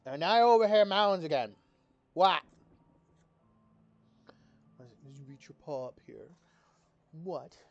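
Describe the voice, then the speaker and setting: A man's voice: a little high, expressive, slow pace, pauses often, muffled recording. A man streaming a game, chatting casually, who swears and scolds his cat in baby talk. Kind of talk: casual live-stream chat.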